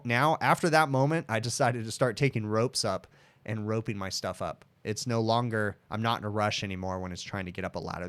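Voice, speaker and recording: In his thirties, an HVAC technician runs a casual livestream Q and A, answering viewer questions frankly and chattily. His voice is fairly low and a bit bright, and he calls viewers "dude" and "bud."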